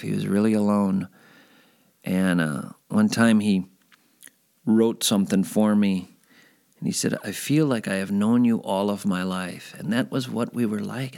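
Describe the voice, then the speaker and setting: Animated, rambling man recalling radio days. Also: on the low side, vocal fry. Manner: animated, rambling, self-deprecating. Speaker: former radio host. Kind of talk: casual interview storytelling.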